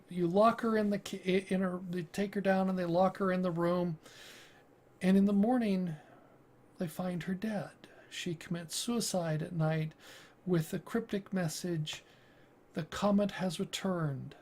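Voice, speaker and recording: A man who is a game master and YouTuber, telling stories from his campaigns in a deliberate, halting way. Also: high voice, darkish tone. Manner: slow, deliberate, halting with fillers and restarts. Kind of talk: casual storytelling monologue.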